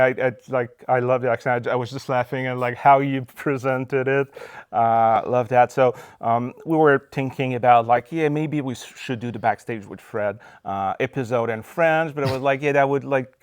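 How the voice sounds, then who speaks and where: Brief: chatty male podcast host, smooth resonant voice, dry close sound. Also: medium pitch, no room sound. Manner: upbeat, chatty, frequent filler words. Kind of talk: casual backstage interview. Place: conference venue in a cinema.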